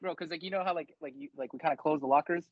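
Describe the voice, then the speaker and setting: A man's voice: a little high, very fast, dry recording. A laid-back young man co-hosting a podcast, swearing a lot and calling everyone bro as he tells army stories. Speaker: podcast co-host. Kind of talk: casual chat, swapping army stories. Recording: slightly dull, lo-fi dry mic.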